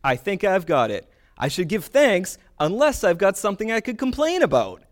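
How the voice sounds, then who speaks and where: Guy doing a confused fella who just doesn't get it, raised puzzled questions, kinda louder. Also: high-pitched, big pitch swings, normal speed, pitched above the performer's own voice. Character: confused man misunderstanding advice on thanks.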